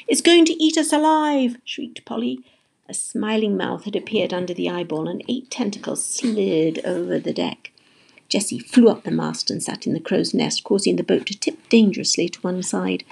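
Gravelly woman reading a children's story. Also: mid-range voice. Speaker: narrator.

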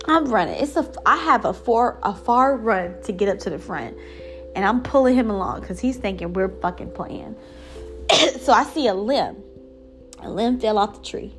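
A young woman vlogger telling a rambling story in a casual, profane, animated way. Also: on the high side.

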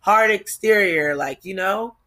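A young woman from New Jersey, her accent plain, talks through a solo podcast episode in a candid, confessional way. Her voice is bright with a sharp edge. She often pauses on drawn-out ums and starts her sentences over. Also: mid-range voice. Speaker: podcast host. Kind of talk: casual solo podcast monologue.

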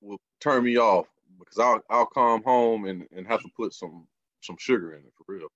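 A man's voice: lowish voice, normal speed, fairly bright tone, dry recording, muffled recording. A man hosting a casual beer podcast, talking in a laid-back, rambling way and often repeating words. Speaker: podcast host. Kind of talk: casual chat.

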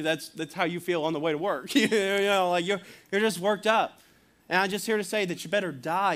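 A man preaching a sermon as pastor, excitable and rambling, restarting his sentences often. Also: fairly high pitch.

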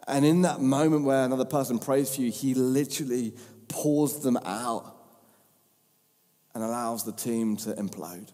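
A man's voice: medium pitch, moderate pace, warm tone. Guy preaching, fired up and repeating himself for emphasis, big echoey hall. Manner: impassioned, repetitive emphatic phrasing. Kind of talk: sermon. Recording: long hall reverb.

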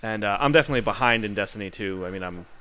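A young man hosting a casual gaming podcast, chatty and quick, swearing now and then. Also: fairly low pitch, bright, forceful tone. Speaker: podcast host. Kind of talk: casual chat.

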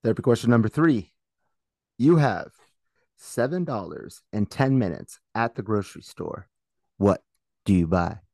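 A man with a low voice trading short quips and questions in a loose podcast conversation. His lines are brief and offhand. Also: lively intonation, a little slow, gravelly, long pauses, a little mellow, no echo, studio quality. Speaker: podcast co-host. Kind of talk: casual podcast banter.

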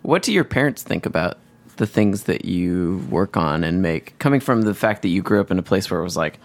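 A man hosting a podcast, asking a guest relaxed, curious questions. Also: deep voice, brisk. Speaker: podcast host. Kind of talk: casual interview chat.

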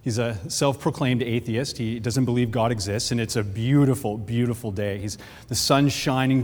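A man preaching a sermon, telling a story with lively, animated delivery in a church hall. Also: medium pitch, normal speed, few pauses. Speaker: pastor. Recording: long hall reverb.

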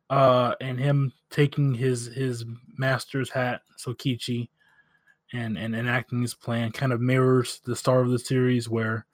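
A man's voice: mid-range voice, dry recording. A man co-hosting a podcast, recapping a show episode and chatting casually about it. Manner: relaxed, recaps plots then chats. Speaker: podcast co-host.

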